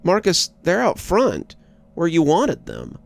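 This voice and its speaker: A man voicing a tense young female army corporal with hushed, alert reports. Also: on the high side, huge pitch swings, slow, creaky, pitched above the performer's own voice, full character voice. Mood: alarmed.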